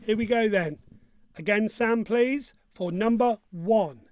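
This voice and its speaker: A man's voice: high-pitched, slow pace, no echo. A man hosting an online pub quiz, joking along and humming his own jingles. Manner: jokey and upbeat, hums his own jingles.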